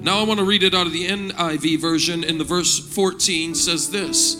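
A male pastor preaching a sermon in church, using call-and-response and rising to shouts. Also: fairly high pitch, a little fast, few pauses, music in the background.

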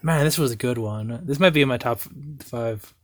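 A man's voice: medium pitch, normal speed, no echo. A young man hosting a podcast, chatting casually and enthusiastically about videos with frequent restarts. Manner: enthusiastic, stumbling restarts, laughs often. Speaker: podcast host. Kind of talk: casual chat reacting to videos.

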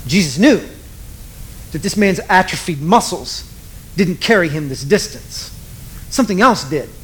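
A man preaching a sermon, telling a story dramatically with emphatic pauses and repetition. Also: high voice, animated, slight background noise.

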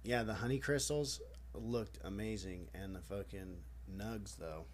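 A man's voice: fairly low pitch, unhurried, a little hiss or hum. A man hosting a casual live-stream chat, laid-back, swearing casually and laughing often. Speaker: host.

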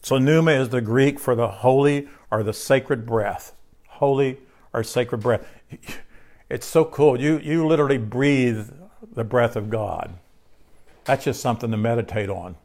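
A man's voice: mid-range voice, a little slow, a little mellow. A man preaching a sermon in a conversational way, asking his listeners questions and repeating key phrases. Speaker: pastor.

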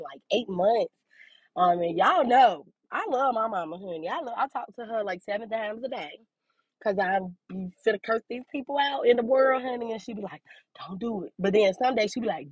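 A woman's voice: mid-range voice, husky, dry recording, lo-fi sound. Sassy, profane young woman. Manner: blunt, sassy and profane, laughs often. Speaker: podcast host giving a life update. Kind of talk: casual monologue.

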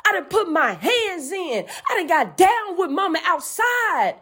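Fiery, profane woman with a lively high voice. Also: a little slow. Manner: profane, fiery, preachy and emphatic. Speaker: podcast host. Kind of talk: emphatic spiritual rant.

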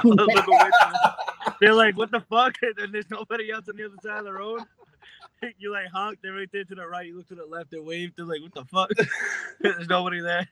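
A young man guesting on a podcast, telling slangy stories in casual chat and laughing a lot. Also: high voice.

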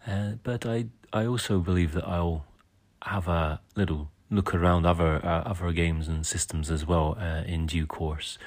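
A male podcast host talks through listener messages in a casual, halting way. His voice sits very low, with frequent ums and uhs. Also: fairly even intonation. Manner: hesitant, full of ums and uhs.

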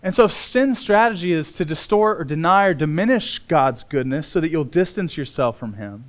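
High-voiced earnest man preaching. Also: expressive. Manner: earnest, emphatic, slowing down on key words. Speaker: pastor. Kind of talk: sermon.

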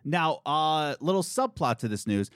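A man hosting a casual podcast chat, talking in an animated, joking way with restarts and asides. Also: fairly high pitch, a little slow, clean tone, dry recording, studio quality. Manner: animated, jokey, wordy with restarts. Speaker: podcast host.

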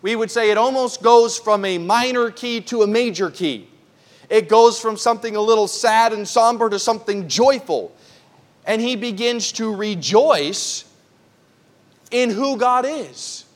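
A pastor preaching an earnest, conversational Bible-teaching sermon at a church prayer service, stressing points by repeating them. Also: male voice, high-pitched, a little slow.

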